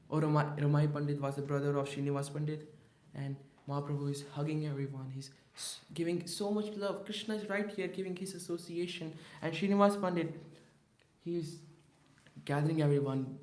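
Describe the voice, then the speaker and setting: A man's voice: fairly high pitch, a little fast. A man leading a daily religious class, telling a devotional story with restarts and repetitions. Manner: animated, many restarts and repetitions. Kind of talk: storytelling sermon. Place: temple hall. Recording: echoey hall.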